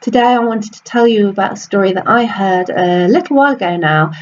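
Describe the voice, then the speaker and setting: A woman's voice: medium pitch, a little fast, dull audio, slight background noise. A woman hosting and telling a story in a casual, upbeat way, with ums and small restarts. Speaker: storyteller and host.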